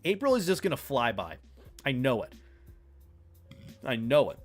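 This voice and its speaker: A man's voice: medium pitch, very animated, moderate pace, faint music behind. A man chatting casually on a live stream, rambling playfully and talking to his chat, with his words tumbling over each other. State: hiccups.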